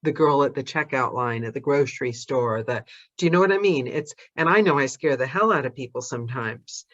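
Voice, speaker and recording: A woman's voice: a bass voice, brisk, a bit bright, no echo, highs cut off. A woman from Los Angeles hosting a casual chat, bubbly and flirtatious, laughing often. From Los Angeles, United States. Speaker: podcast host.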